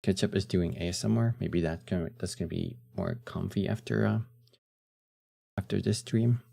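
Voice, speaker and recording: Guy streaming and chatting slow, dark gravelly voice, laid back, laughs a lot. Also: sits low. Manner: relaxed, laughs often, trails off into fillers; reads chat messages aloud and answers them. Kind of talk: casual live-stream chat.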